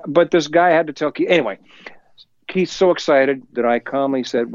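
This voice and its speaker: A man's voice: fairly high pitch, dry recording, lo-fi sound. A male musician telling a story in an interview from his home recording studio, acting out the voices of the people he quotes and chuckling as he goes. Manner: talks faster when excited. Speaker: musician guest.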